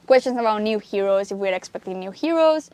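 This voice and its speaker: A woman's voice: mid-range voice, animated, fairly quick, darkish tone, clear, resonant tone, no room sound. Hesitant woman on a dry mic. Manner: hesitant, many fillers and restarts, laughs often. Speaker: game developer on a livestream. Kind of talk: casual livestream chat.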